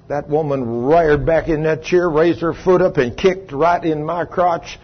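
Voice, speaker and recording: Husky preacher telling a story. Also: male voice, measured pace, highs cut off. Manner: swings from low quiet telling to loud raised retelling. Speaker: pastor. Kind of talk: sermon storytelling. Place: church sanctuary.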